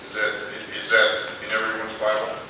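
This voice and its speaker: A man's voice: fairly low pitch, monotone. Man teaching a Bible class in an echoey room. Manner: explains slowly, pausing between phrases, asks the class questions. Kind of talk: midweek Bible class lesson. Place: church classroom. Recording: echoey room, distant mic, background noise.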